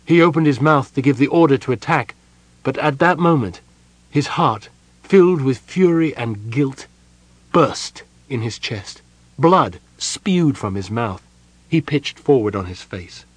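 A man reading a fantasy novel aloud as an audiobook narrator, in a measured, dramatic storytelling manner. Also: mid-range voice, lively intonation, slightly rough, no echo. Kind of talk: scripted narration.

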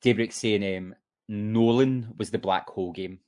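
A man's voice: on the low side, fairly even intonation, unhurried, a little mellow. Man chatting on a podcast. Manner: chatty, hesitant with many fillers. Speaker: podcast co-host. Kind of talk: casual chat and reading news aloud.

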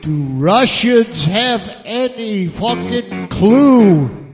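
High-voiced man ranting slowly and profanely. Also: expressive. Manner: mocking, drawn-out repeated questions. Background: faint guitar playing.

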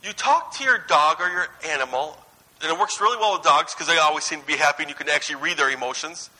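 A man in his thirties preaches in a relaxed, story-driven way, shifting between animated asides and quiet emphasis. His voice sits high for a man and rings very bright and forward. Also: fast talker, rough recording. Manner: conversational, anecdotal, swings between lively and hushed. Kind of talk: sermon.

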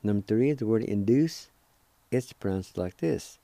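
A man's voice: lowish voice, expressive, a little slow, vocal fry, mellow, dry recording. A man hosting a radio language lesson, patiently spelling words letter by letter and repeating each pronunciation. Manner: politely encouraging. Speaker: radio host teaching vocabulary. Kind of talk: slow, patient vocabulary lesson.

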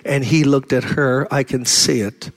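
Gravelly older preacher telling a fervent story. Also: male voice, medium pitch, measured pace. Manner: animated storyteller acting out dialogue, rising to fervent intensity. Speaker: pastor. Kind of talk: storytelling sermon.

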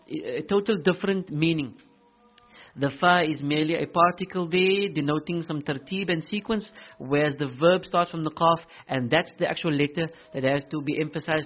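Man teaching Quran recitation, thin phone sound. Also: fairly high pitch. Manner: explanatory, restarts often, pronounces Arabic terms carefully. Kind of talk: explaining a tajweed text in a class. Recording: tinny phone-like recording.

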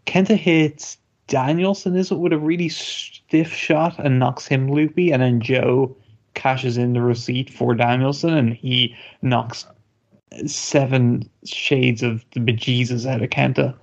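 A man hosts a relaxed chat, teasing his guest and chuckling along. His voice has a gravelly edge and comes through a dull, lo-fi microphone. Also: medium pitch, measured pace. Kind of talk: casual chat. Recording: dull lo-fi mic.

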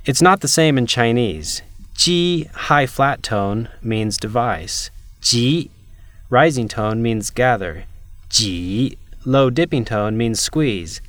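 A man narrating a language lesson from a script, with measured, clear enunciation and demonstrated intonations. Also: medium pitch, expressive, fairly bright tone, no echo.

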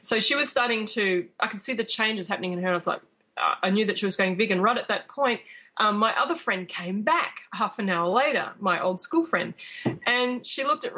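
A woman telling a story in casual chat, animated and laughing, acting out what people said. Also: mid-range voice, fairly quick, breathy edge. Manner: animated, acts out quotes, laughs often.

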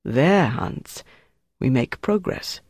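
A cold, calculating German officer interrogating a prisoner, read by an audiobook narrator. He speaks with measured, quiet menace in a mid-pitched voice on a dry recording. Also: lively intonation, no room sound.

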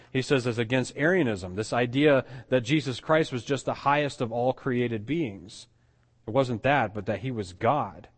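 Emphatic male preacher teaching scripture. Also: mid-range voice. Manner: teaching, emphatic with frequent restarts. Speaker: pastor. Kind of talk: sermon.

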